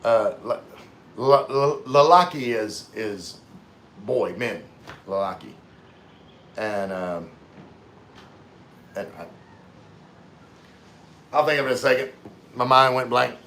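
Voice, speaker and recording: A man's voice: mid-range voice, slow pace, pauses often, fairly bright tone. Chatty man rambling on a livestream. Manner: rambling, chatty, loses his train of thought. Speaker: livestream host reading viewer comments. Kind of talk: casual livestream chat.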